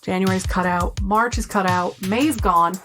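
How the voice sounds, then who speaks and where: A woman co-hosting a podcast in casual chat, retelling a film in a lively way and swearing freely. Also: medium pitch, a little slow, soft background music. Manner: lively storyteller, swears freely, acts out quotes. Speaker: podcast co-host.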